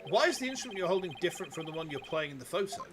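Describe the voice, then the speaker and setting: A man's voice: sits high, expressive, very fast, crowd noise. Man reading as an earnest defense lawyer. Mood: determined. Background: game music.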